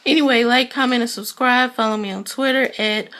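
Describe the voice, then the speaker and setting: A woman's voice: a little high, steady tone, a little fast, a bit bright. A young woman giving a casual, blunt, chatty review of a TV episode, with lots of ums. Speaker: TV show reviewer.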